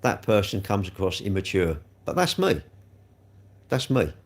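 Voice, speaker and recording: A man's voice: fairly low pitch, big pitch swings, a little slow. Rambling man on a live stream. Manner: rambling, repeats himself, talks straight to viewers. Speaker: livestreamer. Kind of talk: live stream chat, reacting to viewer comments.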